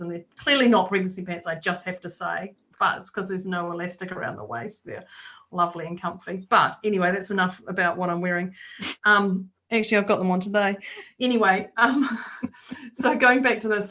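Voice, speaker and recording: A woman's voice: on the low side, sharp tone. A woman co-hosting a talk podcast, chatting casually and acting out the voices of people in her story. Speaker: podcast co-host. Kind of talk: casual chat.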